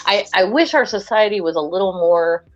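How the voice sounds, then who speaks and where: A woman's voice: mid-range voice, brisk, muffled recording, faint music behind. A woman from Western Kentucky, a guest chatting casually on a video call and rambling with many restarts.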